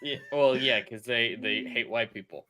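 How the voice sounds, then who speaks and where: Dry-sounding male podcast co-host, bright tone. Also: medium pitch, moderate pace. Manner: dry, mocking, reads the chat aloud. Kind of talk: casual commentary chat.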